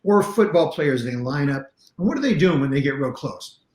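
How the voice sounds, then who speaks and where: A man who coaches martial arts and self-defense, a guest on a podcast interview, teaching in an animated, emphatic way with blunt examples. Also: a little high, normal speed. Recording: roomy echo.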